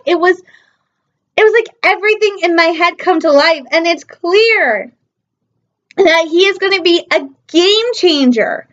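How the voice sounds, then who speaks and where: A young woman from Michigan gushes excitedly in a casual fan review vlog, filling her rambling talk with fillers and hesitations and bursting into happy squeals. Her voice sits high, and the audio is dull and lo-fi.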